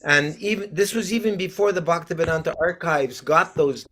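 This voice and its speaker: An older man co-hosts over a video call, with a voice pitched well above the usual for a man. He jumps into the conversation eagerly and speaks with animation. He is responding to someone else rather than leading the talk. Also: normal speed, a bit bright. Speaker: co-host.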